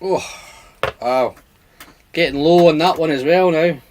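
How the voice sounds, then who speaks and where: A man's voice: fairly high pitch, measured pace, darkish tone, a little hiss or hum. A man hosting a casual whisky livestream, chatting and reading out viewer comments. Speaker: whisky channel host.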